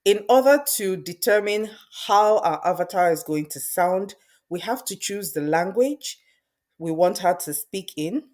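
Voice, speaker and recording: A woman presenting a screen-recorded software tutorial, explaining step by step in a conversational way, thinking aloud as she clicks. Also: medium pitch, lively intonation, unhurried.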